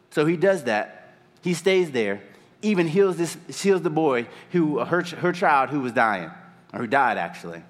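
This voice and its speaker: A man preaching a sermon in a church, retelling a story in an animated, conversational way. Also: fairly high pitch, measured pace, big-room sound. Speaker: pastor.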